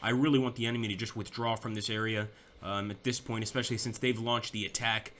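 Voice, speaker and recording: A man's voice: lowish voice, steady tone, quick pace, a bit bright, slight background noise. A young man giving casual, chatty commentary over a strategy war game, thinking aloud with fillers and restarts. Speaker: gameplay commentator.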